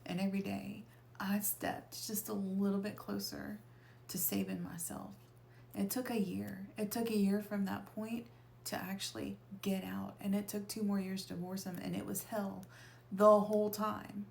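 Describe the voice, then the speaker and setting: Woman telling her own story, raspy low voice, kinda flat, slips into whispers a lot. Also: moderate pace, a little hiss or hum. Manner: emotional, often drops into a hushed whisper, swears for emphasis. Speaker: storyteller sharing a personal experience. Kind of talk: confessional personal storytelling.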